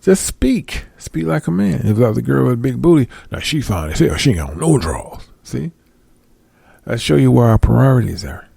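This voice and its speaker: Gravelly-voiced man preaching casually. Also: medium pitch, sing-song, moderate pace, mellow, dry recording. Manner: conversational, asks listeners for agreement. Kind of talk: casual sermon with scripture reading.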